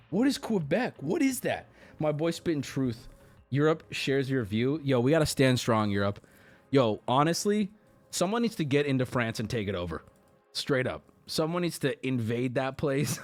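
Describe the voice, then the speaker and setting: A young man hosting a livestream, rambling through stories in a casual, profane way. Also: on the high side. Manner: rambling, profane, animated storytelling. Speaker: streamer host.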